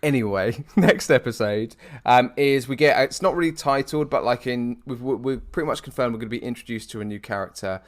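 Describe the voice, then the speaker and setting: A young man co-hosting a laid-back chat podcast, thinking out loud and wandering through his points. His pitch sits in a middling, ordinary range. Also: fairly quick, few pauses. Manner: rambling, frequent fillers and restarts, laughs easily. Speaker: podcast co-host. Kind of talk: casual chat.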